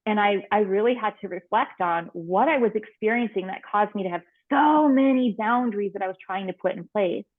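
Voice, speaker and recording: A woman's voice: mid-range voice, fairly quick, hardly any pauses, dry recording. Woman coach on a tinny call line. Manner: candid, reflective storytelling. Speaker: confidence coach. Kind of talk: storytelling in an online workshop. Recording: tinny phone-like call audio.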